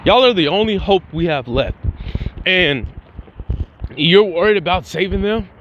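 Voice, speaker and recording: A fierce, protective woman, voiced by a man who scolds sharply and firmly. His voice sits a little higher than his own, on a dull lo-fi track with faint hiss. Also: lively intonation, unhurried. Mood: scolding. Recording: dull lo-fi sound with faint noise.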